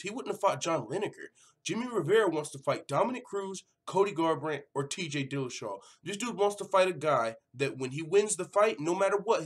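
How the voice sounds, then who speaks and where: A man's voice: on the high side, husky. A man hosting an MMA news vlog, talking casually, swearing freely and acting out the quotes. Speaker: MMA news channel host. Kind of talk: casual profane commentary vlog.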